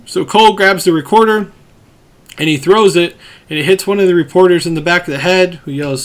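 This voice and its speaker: A man hosting a podcast, recapping a movie scene by scene and acting out the quotes in lively voices. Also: sits high, brisk. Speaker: podcast host.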